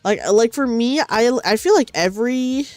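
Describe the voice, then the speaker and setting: A woman's voice: on the high side, normal speed, darkish tone, no echo, soft background music. Woman streamer, sleepy, rambling chat, very dry sound. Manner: rambling, self-correcting, chatty. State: sleepy, low energy. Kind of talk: casual chat while knitting. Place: at home on a couch.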